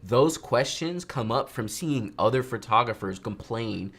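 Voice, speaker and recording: A young man talks casually over a livestream while he edits photos and teaches. He rants in an animated way and often slips into mimicking other people. His pitch sits in the middle range for a man. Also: a little slow, slightly rough.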